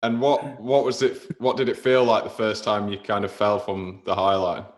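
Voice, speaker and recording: A podcast host with a fairly low voice who asks reflective questions at an easy conversational pace. He thinks out loud and sounds casual and engaged. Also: level tone, moderate pace. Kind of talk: casual interview chat.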